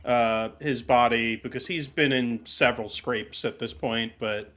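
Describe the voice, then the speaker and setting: A man's voice: medium pitch, fairly even intonation, measured pace, a bit bright. A man playing a character in a tabletop game, folksy and polite, with some stammering. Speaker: player.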